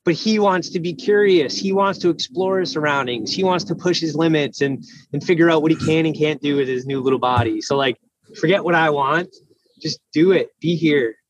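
A man's voice: on the high side, a little fast, no room sound, lo-fi sound. A man in casual conversation, talking earnestly and thoughtfully with lots of "like" fillers. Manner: earnest, reflective, many "like" fillers.

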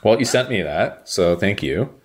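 A man's voice: on the low side, animated, normal speed. A young man co-hosting a casual chat, rambling with many fillers and dry jokes. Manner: rambling, filler-heavy, joking. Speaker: podcast co-host.

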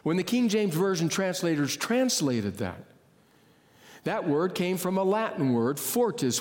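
A man preaching a sermon in an earnest, teaching tone, slowing down to stress key words. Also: high-pitched, darkish tone. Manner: explains word meanings in a teaching tone. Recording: long reverb of a large hall.

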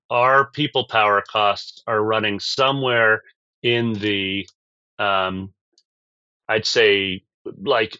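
A man's voice: on the low side, bright, forceful tone, dry recording. A man co-hosting a podcast, explaining costs in a practical, casual way. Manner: practical and explanatory, drops in "um" and "dig it". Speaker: podcast co-host. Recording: slightly dull lo-fi audio.

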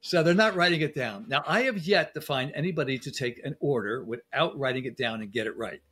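A middle-aged dental specialist is a guest in a casual interview, telling anecdotes through acted-out, quoted exchanges. His mid-range voice is husky and a bit bright, with lively intonation and a fairly quick pace.

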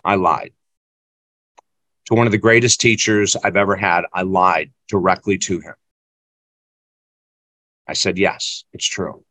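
A man's voice: low voice, fairly even intonation, unhurried, long pauses, a bit bright, no echo. A man in his sixties, a guest and motivational speaker, telling a story in an emphatic, blunt, preachy way. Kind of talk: storytelling in conversation.

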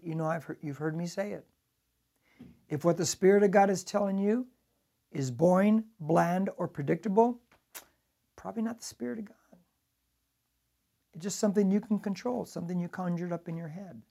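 Pastor guy preaching, husky voice, super lively ups and downs, dramatic storytelling. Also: sits high. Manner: dramatic storytelling, swinging from loud to hushed. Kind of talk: sermon.

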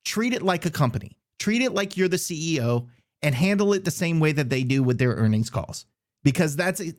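A man co-hosting a sports podcast in a relaxed, joking way, full of slang and strong opinions. His voice sits slightly high for a man. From south Louisiana. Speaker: podcast co-host. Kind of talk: casual sports podcast chat.

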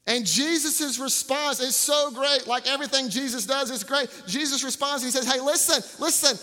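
High-voiced animated male preacher. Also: moderate pace, in a large hall. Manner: animated, jokey, repeats words for emphasis. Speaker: campus pastor. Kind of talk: sermon.

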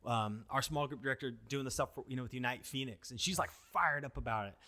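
A man's voice: mid-range voice, fast. A man who is a pastor, telling stories in casual conversation, acting out quotes and filling his talk with "like" and "you know.". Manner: animated storyteller who acts out quotes, filler-heavy. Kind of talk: casual conversation about church outreach.

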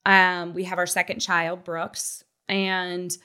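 Thirties woman guest, chatty and animated, acts out quotes, bright edge. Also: lowish voice, takes it slowly, clean tone. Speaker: guest, mother. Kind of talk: casual chat, personal story.

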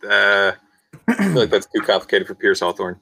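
Bright, low-voiced male game master. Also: very animated, normal speed, gravelly, rough recording. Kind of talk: narrating a tabletop game.

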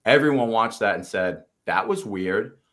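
A man's voice: lowish voice, expressive, a little slow, fairly bright tone. A man with a Boston accent co-hosting a motivational podcast, telling stories earnestly in casual speech with the odd swear word. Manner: storytelling, earnest, loose profanity. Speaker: podcast co-host.

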